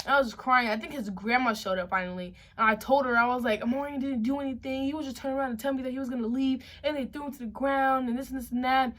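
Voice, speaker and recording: Bright-voiced young woman telling a story. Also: high-pitched, fast talker, hardly any pauses. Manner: animated, slangy, acts out quotes. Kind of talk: casual storytime.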